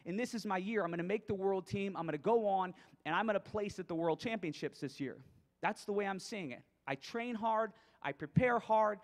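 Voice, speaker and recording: A man's voice: high-pitched, in a large hall. A man giving a motivational keynote to coaches, telling a personal story and acting out his own thoughts. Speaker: speaker at a coaches' conference.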